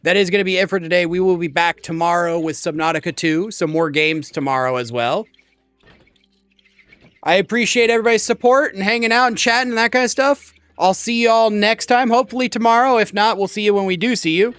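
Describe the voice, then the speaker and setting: A man's voice: high voice, fairly quick, a bit bright, clear, resonant tone, no room sound. Chatty guy streaming games, talks to chat nonstop, dry close sound. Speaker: game streamer. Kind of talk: casual live-stream chat.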